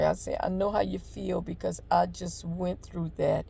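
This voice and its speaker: A woman's voice: on the low side, fairly even intonation, normal speed, vocal fry, mellow. An older woman tells a heartfelt, rambling personal story and offers faith-based encouragement, with many fillers. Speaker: devotional vlogger. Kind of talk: casual personal testimony with encouragement.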